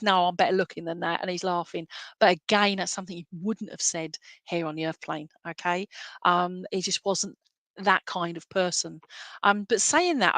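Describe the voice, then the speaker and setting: Woman medium, mid pitch, chatty and reassuring, dry close mic. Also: a bit bright, no room sound. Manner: chatty, reassuring, asks if messages make sense. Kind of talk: online clairvoyant reading.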